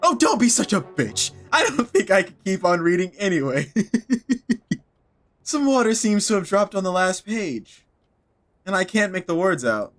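A man voicing a sly older village woman in a video game, reading a fairy tale in a theatrical, drawn-out way. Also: sits high, big pitch swings, fairly bright tone, soft background music, full character voice.

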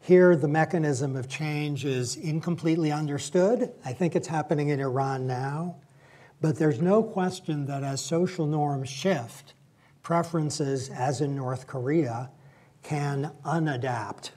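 A man's voice: fairly high pitch, a little slow, dark tone. A man giving a public lecture in a reflective, conversational way, weaving in personal stories.

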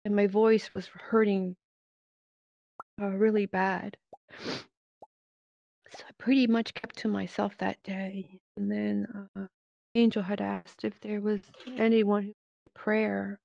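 A woman giving a personal faith testimony in an earnest, halting way, with many pauses and fillers, speaking into a VR headset microphone. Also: medium pitch, little pitch movement, gravelly, dark tone, dry recording. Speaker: church member giving a testimony. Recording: dull, dry lo-fi headset audio.

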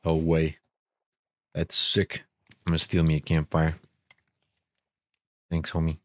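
A man's voice: extremely low pitch, completely flat delivery, takes it slowly, no echo. A young man giving goofy, easily startled commentary while playing a Minecraft survival game, talking to himself with gasps and jokes. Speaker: gaming YouTuber. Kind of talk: Minecraft let's play commentary.

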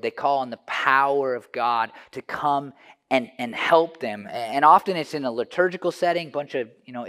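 A man, a pastor, preaching a casual, conversational sermon in a church and often restarting his sentences. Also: medium pitch. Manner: conversational, restarts often, drops to a soft hush for the story.

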